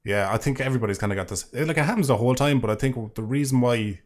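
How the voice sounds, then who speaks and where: A man's voice: mid-range voice, very fast. A man with a rambling, sweary, sarcastic manner, casually chatting while reading super chats on a live stream.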